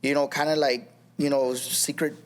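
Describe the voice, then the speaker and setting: A man's voice: a little high, flat delivery, normal speed, clean tone. A man in his thirties, a podcast guest, telling his personal testimony in a rambling casual way, full of restarts and "you know what I mean".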